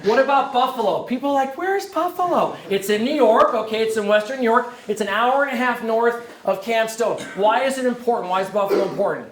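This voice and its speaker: A man giving an energetic, joking presentation to a room of prospective camp staff, often turning to the audience with questions. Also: very high voice, quick pace, few pauses. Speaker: camp director recruiting staff. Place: lecture room. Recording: roomy hall echo.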